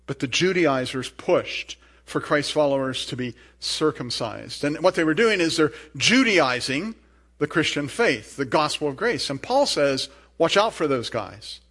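Pastor, male, fairly high voice, preaching with emphatic swells and quiet asides. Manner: earnest, emphatic preaching with rising bursts and soft asides. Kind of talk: sermon.

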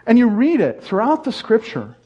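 A man's voice: very high voice, huge pitch swings, moderate pace, dark tone, breathy edge. Earnest middle-aged male pastor, lo-fi. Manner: earnest, repetitive emphasis with joking asides. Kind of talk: sermon. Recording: dull lo-fi sound.

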